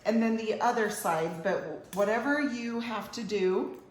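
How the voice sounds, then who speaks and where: A woman's voice: mid-range voice, a little slow, a little hiss or hum. A woman hairstylist giving a casual haircut tutorial, chatting and cooing in baby talk to a toddler as she works. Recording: roomy room echo.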